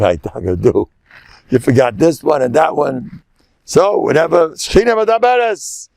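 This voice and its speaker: An older man giving a rabbi's lecture in lively storytelling style, full of halting restarts and Yiddish and Hebrew words, often jumping into a high excited pitch and laughing at his own stories. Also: gravelly, no room sound.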